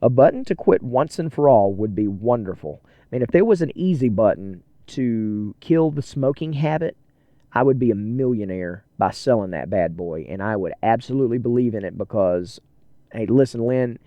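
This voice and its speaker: A man's voice: medium pitch, lively intonation, moderate pace, no room sound, muffled recording. Earnest man talking while driving. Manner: earnest, rambling, self-deprecating. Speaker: podcast host. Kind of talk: casual solo chat while driving. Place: inside a car on the road.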